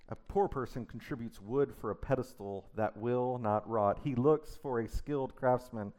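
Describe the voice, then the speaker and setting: A man's voice: mid-range voice, normal speed, hardly any pauses, dark tone. Middle-aged male pastor, conversational sermon, emphatic with rhetorical questions.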